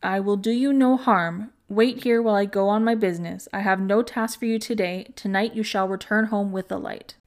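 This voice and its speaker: A fierce old witch speaks slowly with menace in a storybook folk tale. A woman narrator puts her on with little change to her own voice. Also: mid-range voice, steady tone, natural voice. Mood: calm.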